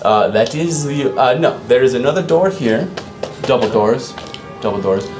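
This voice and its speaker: A man's voice: medium pitch, lively intonation, normal speed, darkish tone, echoey room, faint music behind. A man narrating as dungeon master in a loose, rambling way, with restarts and asides to the players. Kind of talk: narrating a tabletop game.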